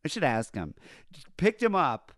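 A man's voice: fairly high pitch, huge pitch swings, normal speed, a bit bright, dry recording, clean studio sound. A man calling in, telling a story in a loose, rambling, profane way. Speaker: caller. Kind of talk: casual storytelling.

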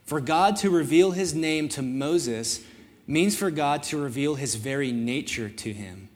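A man's voice: fairly high pitch, a little slow. A young man on a church's student ministry staff preaching a sermon, telling stories in a casual, self-deprecating way.

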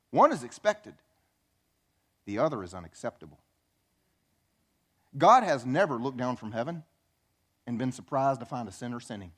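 A man preaching a sermon as pastor, emphatic and repeating key phrases for effect. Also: medium pitch.

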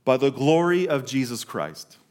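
Man preaching a sermon, mid pitch. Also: big pitch swings, a little mellow. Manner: storytelling, asks the congregation questions, slows for emphasis. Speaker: pastor.

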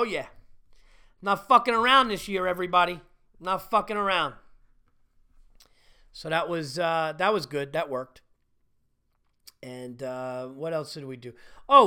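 Middle-aged guy podcasting, swears a lot, rambles and laughs at himself, bright clear voice. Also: a little high. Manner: profane, self-mocking rambling storytelling. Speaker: podcast host. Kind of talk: casual comedic monologue.

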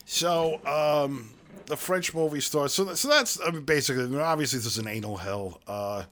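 A man's voice: a little high, moderate pace, a bit bright. Rambling man recapping a movie. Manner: rambling, loose storytelling with many fillers. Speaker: podcast co-host. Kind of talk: casual film-review chat.

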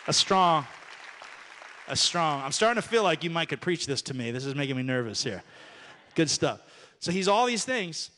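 A man's voice: fairly high pitch, big pitch swings, a little fast, fairly bright tone, in a large hall, some chatter behind. A male pastor preaching a sermon in a church, conversational and engaging his congregation. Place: church sanctuary.

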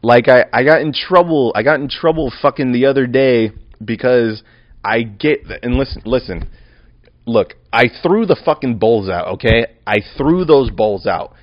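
A young man hosting his own podcast, rambling and swearing in a casual rant that swings from mumbles to loud outbursts. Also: medium pitch, moderate pace, dry recording, dull audio. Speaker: podcast host.

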